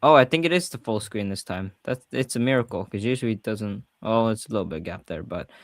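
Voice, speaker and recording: Hosting a casual livestream chat, a man with a Swedish accent talks freely and frequently corrects himself mid-sentence. His voice is on the low side and fast. There's no room sound.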